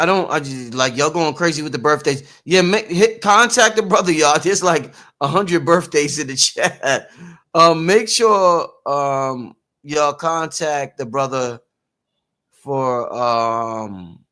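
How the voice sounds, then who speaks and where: An energetic man hosts a live-streamed interview, his voice sitting a little high. He chats loosely with viewers, reading their comments and calling them y'all. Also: unhurried. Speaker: host.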